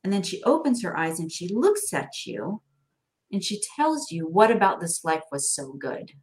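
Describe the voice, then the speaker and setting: A middle-aged woman speaking as a guest in an animated interview. She talks expressively, often laughing and acting out snippets of dialogue. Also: on the low side, moderate pace. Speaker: guest, financial planner.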